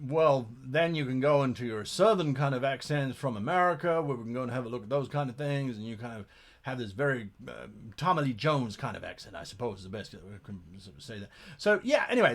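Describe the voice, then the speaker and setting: An Englishman hosting a casual live Q&A as a game master, reading out chat questions in a chatty, enthusiastic way and often repeating words while he thinks. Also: mid-range voice. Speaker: livestream host and game master.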